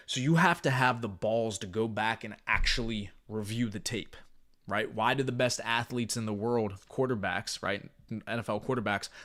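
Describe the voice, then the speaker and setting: A man's voice: mid-range voice, fairly bright tone. Intense, hyped-up male sales coach. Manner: intense, hyped-up, blunt and profane. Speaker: sales trainer. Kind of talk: live-streamed sales coaching.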